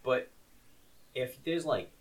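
Podcast co-host, male, mid-pitched, relaxed and rambling. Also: slow pace, poor audio. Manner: easygoing, agreeing, rambling. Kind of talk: casual chat.

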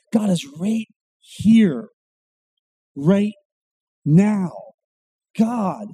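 A man preaching a sermon, acting out quotes with dramatic pauses and a wide swing from loud to hushed. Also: high voice, slightly rough, dry recording. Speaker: pastor.

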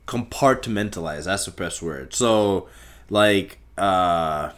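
A young man hosting a solo podcast, rambling and swearing casually, talking in circles and breaking into loud shouts. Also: low voice, lively intonation, slow. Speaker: podcast host.

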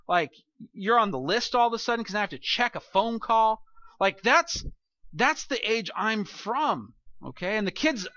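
A man's voice: very high-pitched, sharp tone, dry recording, muffled recording. A man in his thirties, a pastor, preaching a conversational sermon in a casual, self-deprecating way, full of restarts and fillers.

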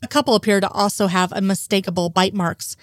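Story reader, woman, mid pitch, dry recording, steady telling. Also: fast talker, no room sound. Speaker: narrator. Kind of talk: reading fan fiction aloud.

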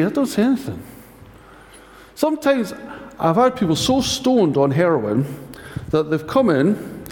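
A man's voice: sits high, a little mellow. A man preaching a conversational sermon, wry and anecdotal with self-mocking humour. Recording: echoey hall reverb.

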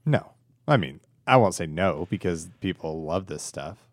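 A very low-voiced man co-hosting a podcast, trading jokes and playful jabs with his co-host. He pokes fun at himself as readily as at others. The sound is dry and close, with no room around it. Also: lively intonation, a little slow, dry recording. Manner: joking, teasing, self-deprecating. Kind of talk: casual chat.

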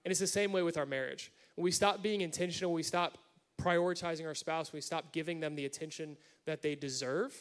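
A man's voice: fairly high pitch, fairly even intonation, brisk. A man giving a sermon-style talk about marriage, earnest and explaining with everyday examples. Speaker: married speaker at church.

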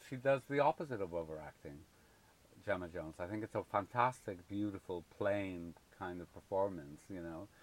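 A man in a casual film discussion, talking with many fillers and restarts. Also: sits low. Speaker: film reviewer.

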